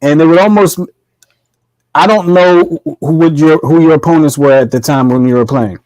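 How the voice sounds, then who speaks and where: A man hosting a podcast interview, relaxed and asking long, winding questions. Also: on the high side, no echo, rough recording. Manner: relaxed, asks drawn-out questions. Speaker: podcast host. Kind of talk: casual interview.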